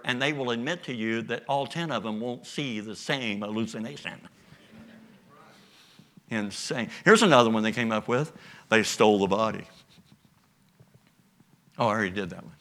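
A preacher in full flow, bright and forceful in tone. His pitch rolls up and down as he acts out the story for his congregation. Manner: animated storytelling with acted voices. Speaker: pastor. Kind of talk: sermon.

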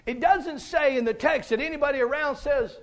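A man with a Southern American accent preaching a sermon as a guest preacher, folksy, moving from hushed asides to shouted peaks. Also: extremely high pitch, brisk.

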